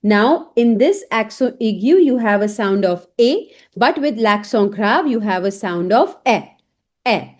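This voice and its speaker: A woman teaching an online French lesson in English, speaking slowly and saying each example word several times. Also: a little high, expressive, a little mellow.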